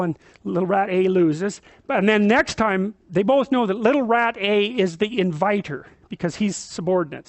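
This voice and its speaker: A middle-aged man lecturing as a psychologist, telling stories in an animated, emphatic way and swearing casually. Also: high voice, no room sound. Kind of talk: storytelling lecture.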